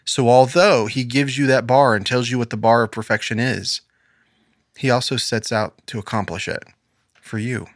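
An earnest man co-hosts a faith podcast in a studio, speaking in a preacherly way. His voice sits at an ordinary pitch. The sound is close and dry. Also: steady tone, normal speed, no echo. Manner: earnest, preacherly, quotes scripture. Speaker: podcast co-host. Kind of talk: casual faith discussion.

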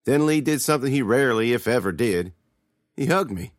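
Guy reading a scary story out loud, dramatic, pitch all over the place, dry close mic. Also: expressive, brisk, no echo. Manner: dramatic first-person storytelling. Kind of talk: scripted horror narration.

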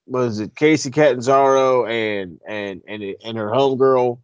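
A man's voice: medium pitch, moderate pace, clean tone, no room sound. A man hosts a casual podcast, ranting with plenty of cursing and rambling restarts. His recording is dry and somewhat dull and lo-fi. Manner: rambling, profane, animated ranting. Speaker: podcast co-host. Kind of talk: casual chat.

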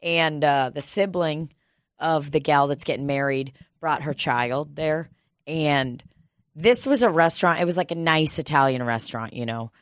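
A woman's voice: low-pitched, moderate pace, no echo, clean studio sound. A woman, co-hosting a casual chat and telling a story with lots of swearing and laughter. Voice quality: profane, laughs often.

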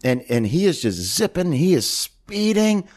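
A man co-hosting a podcast, recapping a film in casual chat and acting out the characters' lines as he goes. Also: a little slow. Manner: animated retelling, drops into low quoted voices. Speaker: podcast co-host.

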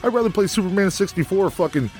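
A man's voice: sits high, expressive, fast, darkish tone, faint music behind. A man co-hosting a game review, ranting angrily and swearing constantly, laughing between insults. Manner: angry, foul-mouthed, laughs between jabs. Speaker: co-host reviewing a video game. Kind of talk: profane comedic rant.

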